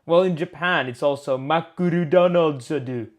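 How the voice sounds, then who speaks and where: A man's voice: on the high side, moderate pace. A man co-hosting a live game design stream, chatting in a rambling, playful way and searching for words aloud. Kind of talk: casual chat.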